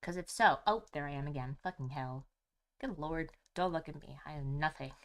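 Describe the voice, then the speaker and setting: A young woman streaming a video game, gushing and excitable, swearing freely as she talks. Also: low-pitched, moderate pace. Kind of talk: gaming livestream commentary. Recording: faint game music behind.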